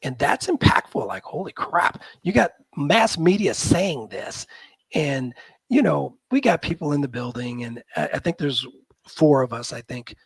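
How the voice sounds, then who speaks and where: A man's voice: on the high side, lively intonation, unhurried, creaky, breathy edge, no room sound. A man in his fifties from the Midwest of the US, a college football general manager chatting as a guest and telling rambling, self-deprecating stories with many restarts. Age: 50s. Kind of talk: casual interview chat.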